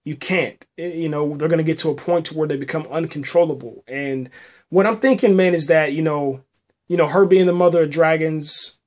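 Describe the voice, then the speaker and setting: A man with a slightly high voice talks through a TV episode in a casual podcast recap. He stops and restarts often and keeps tagging "man" onto his lines. The delivery is loose and unscripted. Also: darkish tone. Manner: halting, many restarts, says "man" often. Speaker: podcast host reviewing a TV episode. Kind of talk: casual spoken review.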